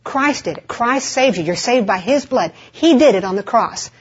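A woman's voice: a little high, animated, normal speed, breathy edge. A woman preaching a sermon, asking rhetorical questions and answering them herself. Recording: dull, muffled lo-fi recording.

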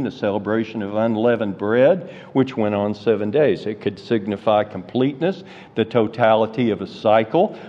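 A man preaching a sermon, teaching through Bible verses and asking rhetorical questions. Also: medium pitch. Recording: dull lo-fi audio with hall reverb.

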